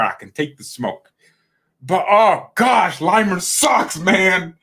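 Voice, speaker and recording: A man's voice: a little high, a bit bright, breathy edge. A man delivers a casual football opinion rant as the host of a fan channel. He is blunt and opinionated, with a trash-talking edge, and he stammers over repeated words when he gets worked up.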